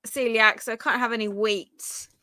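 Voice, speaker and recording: A woman's voice: fairly high pitch, fairly even intonation, moderate pace, crowd noise. A woman co-hosting a casual live podcast, speaking candidly with plenty of fillers. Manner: chatty, candid, trailing fillers. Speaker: podcast co-host.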